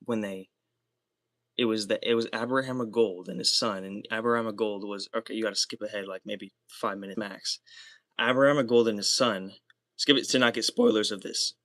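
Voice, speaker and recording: A young man livestreaming alone, talking in a rambling, excitable way, full of fillers and swearing. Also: lowish voice, moderate pace, no echo. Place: small soundproofed room.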